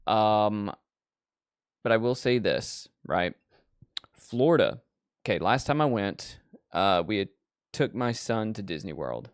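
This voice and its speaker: A man hosts a horror movie show and rambles from tangent to tangent with plenty of swearing. His voice sits low and sounds dry and close. He keeps the story going in a loose, animated way. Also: dry recording. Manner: profane, digressive, animated storyteller. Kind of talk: casual rambling chat.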